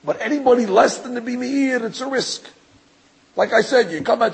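A man's voice: very high voice, animated, brisk, vocal fry, low-quality recording. A man, a rabbi giving a religious lecture, talking emphatically and rhetorically, stammering into restarts and acting out other people's voices. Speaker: rabbi teaching a class.

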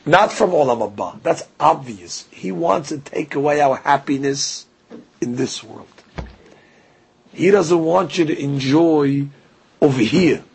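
A man with a gravelly, raspy voice that sits a little high for a man delivers a Torah lecture. He tells the story with animation and slips into the voices of the people he quotes. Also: low-quality recording. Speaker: Torah teacher. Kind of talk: religious lecture.

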